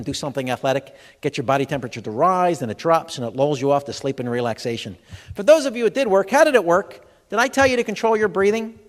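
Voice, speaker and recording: A man giving a comedic health seminar, firing jokey questions at the audience in a large expo hall. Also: a little high. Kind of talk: stand-up style seminar talk. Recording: long hall reverb from a live venue.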